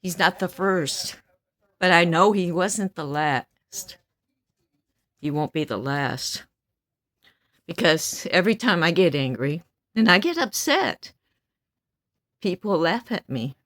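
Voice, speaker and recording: A woman in her seventies talks straight into the mic in a blunt, stern, outspoken way. Her voice sits low and moves slowly, yet leaps widely up and down in pitch. The recording is dry and close. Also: animated, fairly bright tone, no room sound. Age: 70s. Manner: blunt, stern and outspoken, laughs between remarks. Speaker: vlogger. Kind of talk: casual venting monologue.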